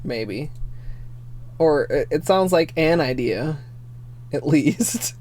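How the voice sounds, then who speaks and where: Excitable streamer woman, teary and sniffling. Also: low voice, takes it slowly. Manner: excitable, swearing, exclamatory. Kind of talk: casual livestream chat.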